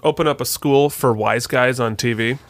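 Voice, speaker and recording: A man's voice: medium pitch, normal speed, no echo. A man co-hosting a podcast, chatting loosely and jokingly about a TV show, with lots of "like" fillers. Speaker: podcast co-host. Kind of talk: casual chat recapping a TV show.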